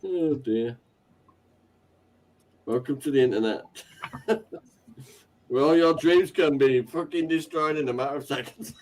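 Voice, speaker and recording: Guy, slightly high voice, dry sarcastic quips. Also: darkish tone. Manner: wisecracking, quick with sarcastic one-liners. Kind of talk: casual chat.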